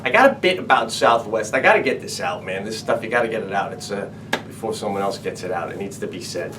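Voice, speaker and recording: A man hosting a comedy show, telling stories with animated, acted-out quotes. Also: fairly low pitch, quick pace, background noise. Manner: animated storytelling, acts out quoted voices. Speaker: comedian host. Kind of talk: comedic monologue. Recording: slightly distant mic, faint ambience.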